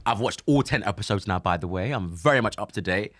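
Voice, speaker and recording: A man in his twenties hosting a casual chat show, lively and laughing easily, and softer when he speaks of personal loss. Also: fairly low pitch, fast. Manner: animated, laughs easily, turns soft and emotional when talking about grief. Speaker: podcast host. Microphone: studio microphone.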